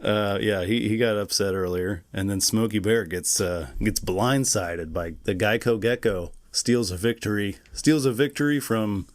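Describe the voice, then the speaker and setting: A man co-hosting a podcast, chatting casually in a relaxed, rambling way and laughing often. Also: fairly low pitch, normal speed, hardly any pauses. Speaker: podcast co-host. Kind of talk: casual chat.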